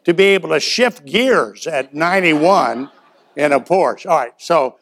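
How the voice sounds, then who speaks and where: A man's voice: sits high, very animated, unhurried. A man preaching a sermon in a folksy storytelling way, acting out little dialogues and letting his voice rise and drop. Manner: folksy storytelling with acted-out dialogue and shifts in loudness. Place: church.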